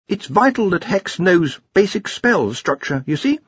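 A man's voice: sits high, big pitch swings, unhurried, breathy edge, pitched above the performer's own voice, full character voice. A man voicing a nervous young male wizard assistant who talks hesitantly, in a slightly dull recording. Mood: anxious. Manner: hesitant, rising to urgent pleading.

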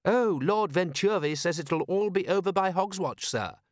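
A man's voice: sits high, animated, moderate pace, dry recording, studio quality, voice pushed up. A man voicing a proper, deferential male butler in an audiobook. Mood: earnest deferential. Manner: formal, deferential, clipped. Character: prim loyal male butler, earnest and proper.

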